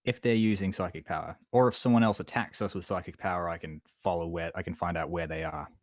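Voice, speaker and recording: A man's voice: deep voice, fairly even intonation, fast, no room sound. A man playing a tabletop game with friends over a voice call, putting on an accent for his character. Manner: plays a character with a put-on accent, hesitant about it. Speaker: player. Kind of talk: casual tabletop game chat.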